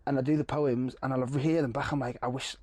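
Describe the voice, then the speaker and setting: English man, podcast guest, casual chat, laughs a lot, mid-pitched voice. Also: fairly even intonation, darkish tone, no echo. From England. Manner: chatty, laughs often, quick asides.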